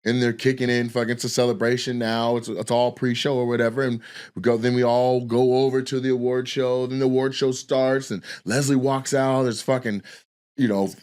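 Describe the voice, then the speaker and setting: Smooth and mid-range, this man's voice moves a little fast as he hosts a podcast. The comedian spins out a lengthy, profane, animated yarn in a casual, rambling manner, restarting as he goes.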